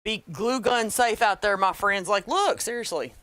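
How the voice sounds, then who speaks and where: A woman's voice: medium pitch, moderate pace, a bit bright, dry recording, studio quality. A middle-aged woman with a Southern US accent hosting a crafting tutorial, folksy and wisecracking, calling her viewers y'all.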